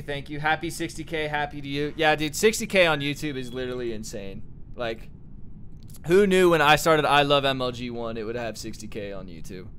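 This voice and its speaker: A man's voice: medium pitch, fairly bright tone, a little hiss or hum. A young man hosting a livestream, casually thanking viewers one by one for their support. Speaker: streamer host.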